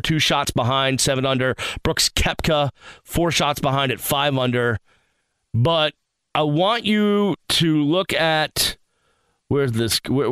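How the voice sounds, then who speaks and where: A man's voice: a little high, no room sound, clean studio sound. A man hosting a sports talk radio show, chatting casually and telling stories with quoted back-and-forth. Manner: animated, storytelling with quoted asides. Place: radio studio.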